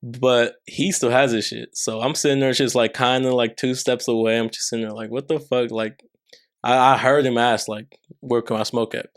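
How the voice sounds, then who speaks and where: A man's voice: medium pitch, level tone, moderate pace. A laid-back man co-hosts a casual podcast chat. He laughs often and curses freely as he adds to a shared story. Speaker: podcast co-host.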